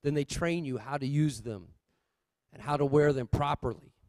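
A male pastor delivering a sermon in a notably high voice. He swings between loud, urgent exhortation and low, quiet asides to the congregation. The sound is dry and close, with no room echo. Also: moderate pace.

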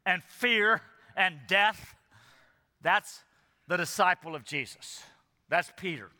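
Bright and forceful, this pastor's high voice carries an earnest, emphatic expository sermon. He keeps asking the congregation rhetorical questions, and the sound echoes like a hall.

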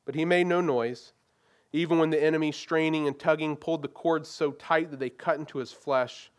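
A man retelling and then reading a story aloud with an expressive, dramatic delivery. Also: on the high side, normal speed.

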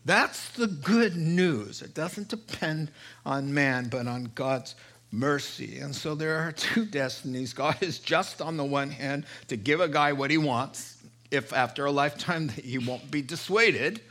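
A man preaching a sermon, building to emphatic, impassioned peaks and dropping to hushed asides. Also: medium pitch, a little slow. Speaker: pastor.

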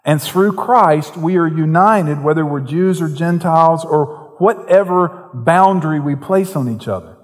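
A male pastor with a softened Southern accent preaches in a slightly high voice, moving from easy conversational talk to fervent, ringing emphasis. His sermon carries the long reverb of a church sanctuary. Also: measured pace, hardly any pauses. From Western North Carolina.

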